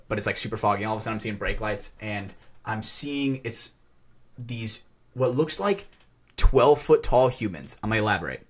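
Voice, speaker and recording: A man's voice: fairly low pitch, normal speed. A man on a podcast telling a rambling casual story, full of fillers and swearing. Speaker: podcast co-host.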